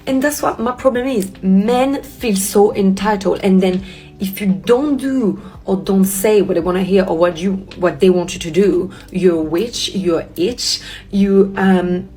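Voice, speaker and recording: A woman telling a personal story to camera, animated and indignant, swearing often. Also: mid-range voice, normal speed, faint music behind.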